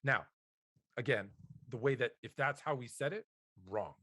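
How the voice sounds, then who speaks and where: Measured man pushing back in debate. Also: mid-range voice, sharp tone. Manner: measured, stammering restarts when pushing back. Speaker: podcast co-host. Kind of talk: casual sports debate.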